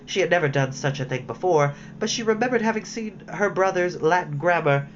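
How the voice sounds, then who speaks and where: Low-voiced woman reading a storybook. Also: fairly quick, hardly any pauses. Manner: expressive, adds casual asides. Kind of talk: reading a children's book aloud. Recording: dull lo-fi with faint hiss.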